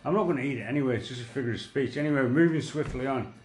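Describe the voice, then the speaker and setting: A man's voice: mid-range voice, rapid-fire, faint music behind. A man from Britain co-hosting a podcast, rambling and swearing in casual banter with many restarts. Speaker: podcast co-host. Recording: roomy echo.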